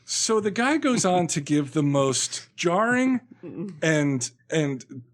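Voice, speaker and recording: A man's voice: a little high, sing-song, slow. A man co-hosting a podcast in casual chat, laughing a lot and mocking comic dialogue in put-on voices. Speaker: podcast co-host.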